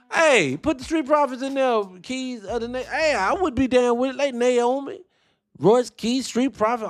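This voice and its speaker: A man hosting a wrestling podcast, giving blunt, profane opinions in casual commentary and answering his chat. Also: sits high. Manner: animated, blunt, profane, talks back to chat.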